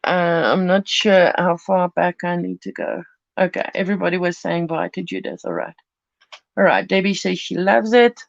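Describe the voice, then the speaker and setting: A woman's voice: lowish voice, steady tone, moderate pace, gravelly, dry recording. A woman hosting a chatty live-stream craft tutorial from her home studio, rambling and giggling as she cuts paper. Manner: rambling and giggly, chats while cutting paper. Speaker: craft channel host. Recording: dull lo-fi, dry sound.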